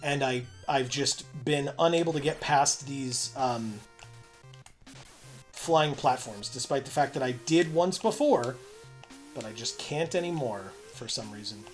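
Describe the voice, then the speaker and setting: A man's voice: mid-range voice, lively intonation, unhurried, soft background music. A man co-hosting a casual gameplay livestream, joking and swearing at the game as he plays. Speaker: co-host playing the game.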